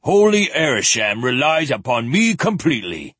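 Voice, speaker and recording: A man's voice: mid-range voice, big pitch swings, normal speed, fairly bright tone, no echo, voice pushed up. A man voicing a pompous, self-important male zealot who blusters arrogantly and rises to a half-shriek.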